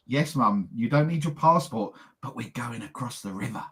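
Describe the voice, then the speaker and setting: A man's voice: mid-range voice, sing-song. A man co-hosting a podcast, telling family stories and ranting in a casual, chatty way. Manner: storytelling, ranting, quick and chatty. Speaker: podcast co-host. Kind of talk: casual chat.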